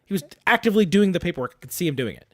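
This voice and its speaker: A man's voice: sits high, rapid-fire, no room sound, studio quality. A man co-hosting a podcast, telling a story in casual chat, acting out voices and swearing freely. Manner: animated storytelling, acts out voices, swears a lot. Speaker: podcast co-host.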